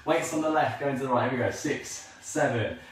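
A man's voice: medium pitch, brisk, far from the mic. A man teaching a live line dance class from home, upbeat and calling counts in rhythm while he dances. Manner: upbeat, calls counts rhythmically, jokes about himself. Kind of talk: live online dance lesson. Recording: very echoey room, voice off-mic, faint noise.

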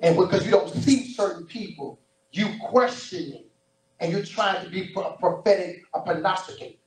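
A male preacher giving an animated sermon, full of storytelling and repeated phrases. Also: high voice, normal speed, a little hiss or hum. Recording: roomy distant church recording.

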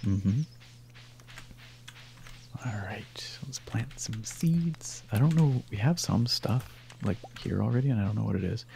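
Soft-spoken gravelly man from Canada. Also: on the low side, measured pace. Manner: soft, hesitant, slips into whispers. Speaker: co-host. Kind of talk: soft-spoken ASMR gaming chat.

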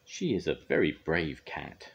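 An older man voicing an eager young boy in a storybook, raised and quick. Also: extremely low pitch, sing-song, creaky, husky, dull audio, full character voice.

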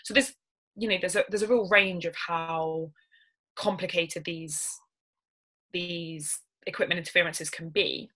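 A young woman, a barrister, giving a careful webinar talk on a point of law, pausing often with ums and restarting her sentences. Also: lowish voice, steady tone, a bit bright, low-quality recording. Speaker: barrister presenting a legal webinar. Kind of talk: webinar presentation.

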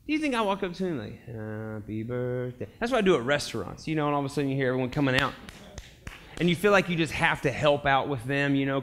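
Bright-voiced young man preaching casually. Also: medium pitch, slight background noise. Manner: animated storytelling, acts out quotes, laughs often. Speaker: pastor. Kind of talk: casual conversational sermon. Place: church sanctuary.

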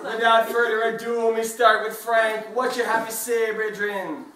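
A man putting on a high-voiced Rasta emcee. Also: little pitch movement, moderate pace. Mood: hyping. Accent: put-on Jamaican. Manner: playful patois, joking between laughs. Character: laid-back male Rasta party emcee. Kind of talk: party speech in character. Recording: echoey hall from far off, loud crowd.

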